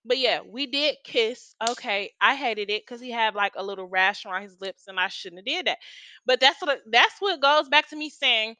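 A woman's voice: fairly high pitch, lively intonation, moderate pace, pushed and bright, no room sound. Heated, profane young woman host. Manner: blunt, heated and profane, talking straight to listeners. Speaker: podcast host. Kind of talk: casual story time.

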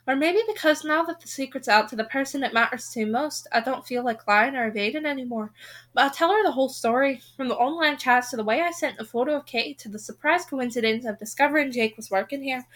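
A woman reading a first-person novel aloud, expressive in her storytelling. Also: sits high. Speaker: reader.

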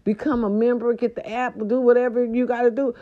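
A woman's voice: on the high side, flat delivery, a little fast, narrow, tinny audio. A woman hosting a podcast in casual holiday chat, sassy and playful, who breaks into little growls. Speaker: podcast host.

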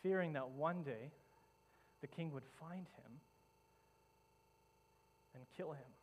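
Brief: male pastor, vivid dramatic storytelling sermon, somewhat high voice, lots of restarts. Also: slow, a little hiss or hum, rough recording.

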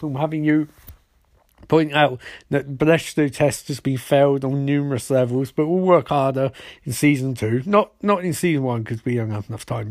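A man's voice: mid-range voice, a little mellow, no echo, studio quality. A man giving a rambling, sarcastic, profane comedic episode recap.

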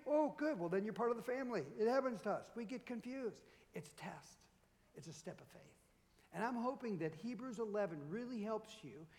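A middle-aged man preaching a sermon as pastor, in an animated, conversational way. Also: high voice, in a large hall.

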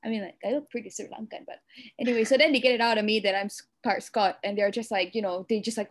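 Fast and fairly high-pitched, a young woman from Malaysia hosts a casual podcast in a Eurasian-tinged Malaysian English accent. She is earnest and talks at length, leaning often on "you know."

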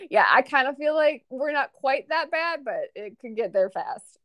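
A young woman with a high voice that jumps all over the place, trading casual talk as a podcast co-host. She laughs a lot and packs her sentences with filler words. The sound is close and dry, with no room around it. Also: normal speed, no room sound. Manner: animated, laughing, frequent "like" fillers. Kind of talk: casual chat.

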